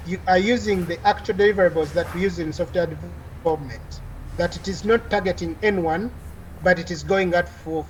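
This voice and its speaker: A woman's voice: on the low side, a little mellow, muffled recording, a little hiss or hum. A woman lecturer teaching an online class over a video call, explaining at length with frequent "uh" fillers and restarts.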